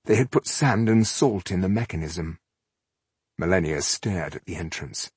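A man narrating a fantasy audiobook in a measured, even storytelling manner. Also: deep voice, slightly rough, no echo.

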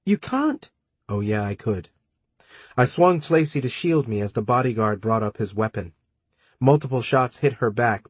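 Dry, husky male audiobook narrator. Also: on the low side, no room sound. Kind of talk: scripted first-person narration.

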